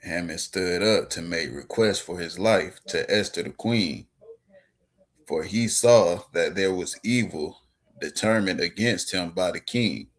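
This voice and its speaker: A man reading scripture aloud in a steady way, now and then stumbling on names. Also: deep voice, measured pace. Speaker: scripture reader.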